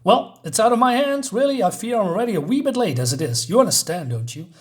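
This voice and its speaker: A man's voice: high-pitched, very animated, pitched above the performer's own voice. A man reading the lines of a polite male rabbit who is always in a hurry and apologizes for leaving. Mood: apologetic. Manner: apologetic, hurried.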